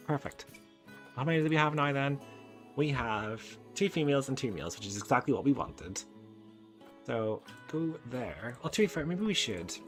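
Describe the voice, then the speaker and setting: A man talks his way through a building game, narrating every click and cooing at the animals. His voice sits in a middle range. Game music plays clearly behind him. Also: mid-range voice. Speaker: gaming YouTuber. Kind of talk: casual game commentary. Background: game background music.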